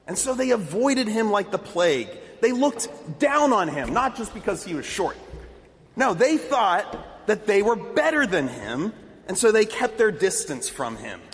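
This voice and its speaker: A man preaching a sermon and telling a story with emphatic, storytelling delivery. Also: high-pitched. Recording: long hall reverb.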